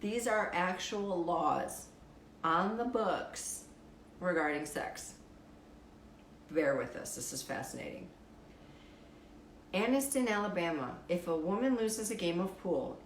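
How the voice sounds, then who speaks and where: A woman with a deep, raspy voice hosts a casual live stream, taking her time as she reads fun facts and viewer comments with wry, playful humor and plenty of swearing. The room is echoey, with slight background noise and poor audio quality.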